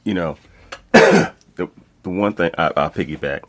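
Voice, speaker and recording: A man speaks in an extremely low, booming register. He talks as a guest in a lively, streetwise way, tossing in curses and checking in with his listener. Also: unhurried. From Brooklyn, New York. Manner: animated, streetwise, swears freely, many "you know what I'm saying". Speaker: guest, code enforcement instructor. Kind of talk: casual interview talk.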